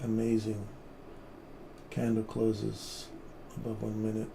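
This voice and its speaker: A man hosting a casual livestream, once a paramedic, talking with earnest feeling and sometimes dropping his voice very low. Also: completely flat delivery, slow, gravelly, noisy background. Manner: earnest, emotional storytelling, drops to near-whisper at tender moments. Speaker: livestream trading host, former paramedic.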